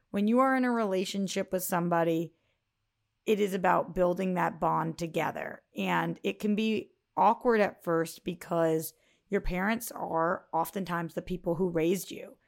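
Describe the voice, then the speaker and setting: A woman's voice: lowish voice, creaky. A woman co-hosting a podcast, telling personal relationship stories in an earnest, explanatory way. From Boston. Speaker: podcast co-host. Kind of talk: casual podcast chat.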